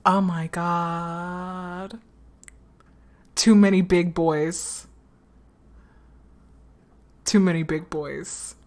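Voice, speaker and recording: A woman's voice: lowish voice, steady tone, very slow, long pauses, darkish tone. A woman giving casual commentary while playing a game, swearing freely and laughing often. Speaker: let's play gamer.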